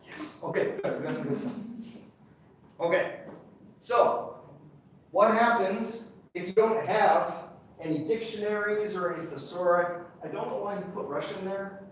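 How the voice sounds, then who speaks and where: A man's voice: high-pitched, a little slow, pauses often, distant mic, a little hiss or hum. A man lecturing a university class, chatty and enthusiastic, checking in with the students. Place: large lecture hall. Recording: very echoey lecture hall recorded from afar.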